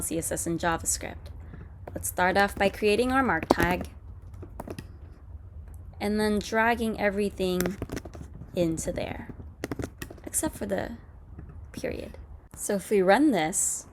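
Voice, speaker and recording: A woman's voice: mid-range voice, slight background noise. Casual woman teaching code. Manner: casual, explanatory, with fillers and self-corrections. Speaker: coding tutorial host. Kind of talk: screen-recorded coding lesson.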